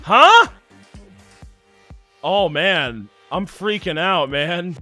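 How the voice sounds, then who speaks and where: Excitable guy streaming a game, jumps around in pitch a lot, jokey, faint music under. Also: extremely slow. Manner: excitable, jokey, trails into mumbles. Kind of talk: gameplay commentary and reading aloud.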